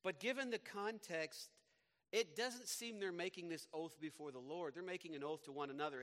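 A man preaches a sermon, reading scripture in a slow, measured cadence. His voice sits a little high. The sound carries the long reverb of a church sanctuary. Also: a bit bright. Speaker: pastor.

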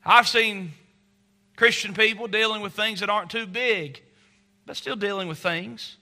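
A man's voice: high-pitched, measured pace, bright, forceful tone. A middle-aged man preaching a sermon, telling stories and acting out quoted voices. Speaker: pastor.

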